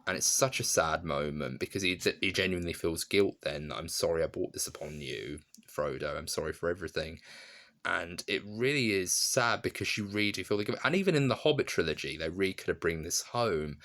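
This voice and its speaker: A man's voice: deep voice, a bit bright. A young adult man, giving a casual spoken film review, enthusiastic and rambling, with frequent restarts and laughs.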